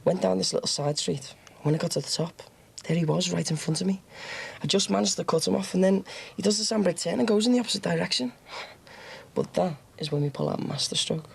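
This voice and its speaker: Swaggering young scouse ex-con, gravelly, bragging and chuckling, tv soap. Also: male voice, high-pitched, quick pace, full character voice. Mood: boastful. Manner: boastful swaggering storyteller, chuckling. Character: cocky young male ex-con bragging about violence. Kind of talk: TV soap drama.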